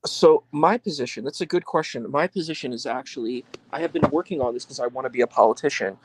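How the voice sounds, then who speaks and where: A man's voice: medium pitch, fast talker. A man talking as a guest in a casual debate, explaining his views earnestly and at length.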